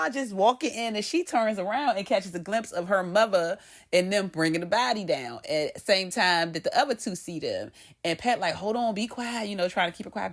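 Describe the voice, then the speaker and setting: A woman chatting through a TV episode recap in a casual commentary. She tells it as a lively storyteller, slipping into the characters' voices and laughing along the way. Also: mid-range voice. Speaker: TV show commentator.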